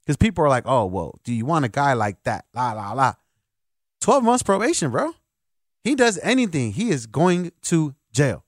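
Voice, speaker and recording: A man's voice: on the high side, no room sound, clean studio sound. A man hosting a sports talk radio show, giving opinionated, emphatic takes on the air.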